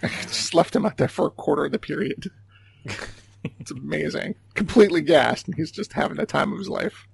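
A man's voice: on the high side, animated, a little fast, creaky, breathy edge. A man in his forties co-hosting a podcast, telling stories in casual chat and acting out what people said. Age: 40s. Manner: storytelling, acting out quotes. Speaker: podcast co-host.

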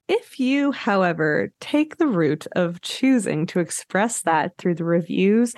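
A woman's voice: medium pitch, darkish tone, no room sound, clean studio sound. A woman hosting her podcast, talking in a chatty, playful way with sarcastic asides. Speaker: podcast host. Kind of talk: casual podcast monologue.

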